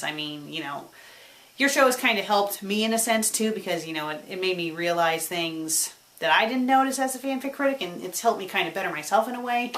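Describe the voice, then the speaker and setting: A woman who runs a web show, answering her viewers' questions in a casual vlog. She talks in an animated way, swings between excited and subdued, and repeats words when she stumbles. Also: on the low side.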